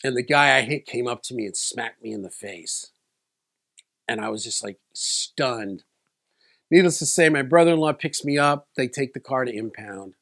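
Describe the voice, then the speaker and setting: A man's voice: medium pitch, normal speed, gravelly, fairly bright tone. A man in a casual vlog, telling a personal story in a loose, rambling way with many restarts. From South Florida. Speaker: video creator.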